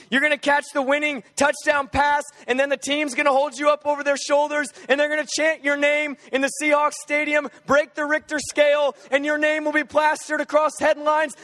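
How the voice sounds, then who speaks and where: High-voiced, animated male preacher. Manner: animated, humorous storytelling. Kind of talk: sermon.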